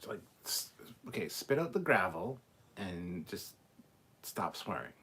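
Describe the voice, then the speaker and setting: A man's voice: sits low, big pitch swings, unhurried, sharp tone, a little hiss or hum. A man hosting a casual live stream, reading chat aloud and ranting bluntly with plenty of swearing.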